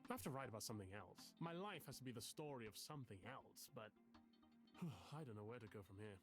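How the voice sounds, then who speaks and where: An actor as a florid, self-pitying English professor. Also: male voice, mid-range voice, lively intonation, fast, soft background music, close to an everyday voice. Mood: brooding. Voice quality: florid, theatrical way of talking. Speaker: therapy client. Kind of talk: video game voice acting.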